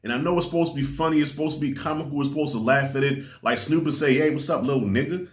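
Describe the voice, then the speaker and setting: A middle-aged man giving a casual spoken movie review, talking in an animated way and acting out the people he quotes. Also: a little high, racing. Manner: animated, acts out quoted voices. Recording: roomy echo.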